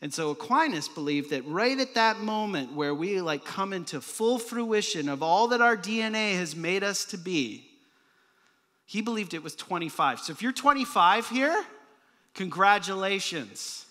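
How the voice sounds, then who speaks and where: A male pastor preaches in a relaxed, joking way, tossing in quick asides and little sound effects. His voice sits high and sounds crisp and bright. The sermon rings out with the long reverb of a church hall. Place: church sanctuary.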